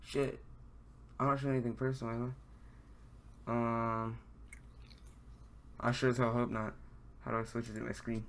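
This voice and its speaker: Excitable swearing young male streamer. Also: mid-range voice, moderate pace, gravelly, long pauses, slight background noise. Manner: excitable, swears a lot, fanboying. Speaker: gaming live streamer. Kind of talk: casual live-stream commentary. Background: keyboard typing and mouse clicks.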